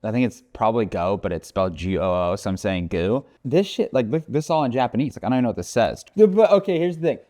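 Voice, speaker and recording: A man's voice: fairly low pitch, lively intonation, fast talker, few pauses, dark tone. Rambling, swearing man vlogging. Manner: joking, profane, rambling. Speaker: car vlogger. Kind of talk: casual vlog talk.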